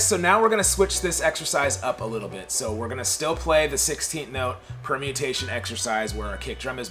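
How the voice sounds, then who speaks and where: A man teaching a recorded drum lesson in an upbeat way, walking students through each exercise. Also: medium pitch. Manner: upbeat, repeats "we're gonna jump into".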